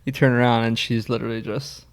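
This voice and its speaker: A man's voice: mid-range voice, flat delivery, fast. A man co-hosting a podcast in casual chat, rambling with many fillers and restarts. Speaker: podcast co-host.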